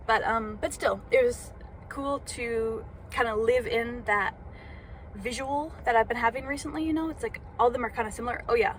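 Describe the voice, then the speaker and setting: A young woman with a fairly bright, somewhat high voice talks into her phone from inside a parked car. Slight background noise runs under her casual vlog, which rambles self-consciously through plenty of fillers.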